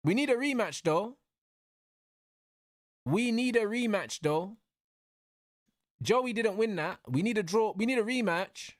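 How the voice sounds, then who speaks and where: Young man, live stream fight commentary, excitable, slangy, high voice, dry close sound. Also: unhurried, pauses often, no echo. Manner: excitable, slangy, yelling at the referee.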